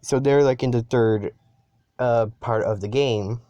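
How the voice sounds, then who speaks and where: A man's voice: mid-range voice, a little slow, dark tone, dry recording, dull audio. A man narrating an improvised fan story, rambling with many restarts.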